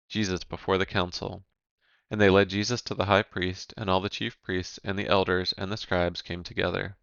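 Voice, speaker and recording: A man giving a measured, even reading of Bible scripture, announcing each section heading. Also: sits low, vocal fry, smooth, no room sound, highs cut off. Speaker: scripture reader.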